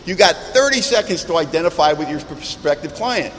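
A middle-aged man speaking at a recovery meeting, telling a personal story in an animated, self-mocking way. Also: fairly high pitch, brisk. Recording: reverberant hall, faint background noise.

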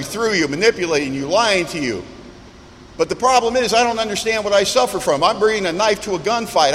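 A man sharing his recovery story with a meeting audience, candid and self-mocking, building dramatic lists with pauses. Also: high voice, fairly bright tone. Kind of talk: personal recovery testimony to an audience. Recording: echoey hall with faint background noise.

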